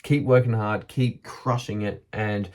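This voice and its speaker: A man's voice: lowish voice, steady tone, measured pace, a little mellow. A man talking casually and earnestly to camera in a motivational vlog, upbeat and thinking aloud as he goes. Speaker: vlogger.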